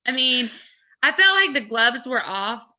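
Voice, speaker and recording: Very bright-voiced woman telling a story. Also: high-pitched, a little slow. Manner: animated, chatty anecdote telling. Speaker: co-host of a fan merch live chat. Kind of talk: casual storytelling chat.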